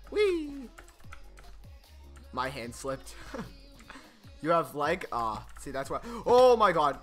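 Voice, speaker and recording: A man streaming gameplay, chatting casually, getting excited and laughing often. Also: a little high, slow, soft background music. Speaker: gaming streamer. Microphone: desk microphone.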